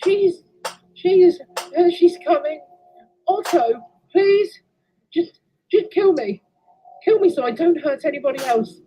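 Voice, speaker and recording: A possessed engine begs in a tearful, high voice, as a woman acts her out. Her pitch jumps about wildly. Keyboard clicks sound behind her. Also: very animated, slow, pauses often, warm tone, slight background noise, full character voice, rough recording. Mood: pleading. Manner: pleading, tearful.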